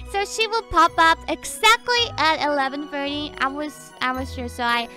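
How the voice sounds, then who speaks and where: Bubbly young woman, very high voice. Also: unhurried, faint music behind. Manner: excitable, giggly, often repeats words. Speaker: streamer. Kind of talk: casual storytelling chat.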